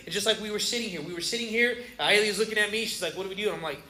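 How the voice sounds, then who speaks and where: A man pastor giving an emotional sermon, swinging from loud cries to soft, low passages, in a church. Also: rapid-fire. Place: church sanctuary. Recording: roomy church hall.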